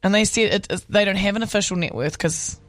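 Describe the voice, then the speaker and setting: A woman's voice: mid-range voice, fast, dry recording, faint music behind. A woman, chatting and joking as co-host on a radio show. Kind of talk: casual radio banter.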